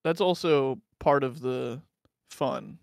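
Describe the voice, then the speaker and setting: A man's voice: medium pitch, slow pace, creaky, no room sound, studio quality. An American man guesting on a stream, chatting in an easygoing, apologetic way and laughing easily. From United States. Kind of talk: casual chat.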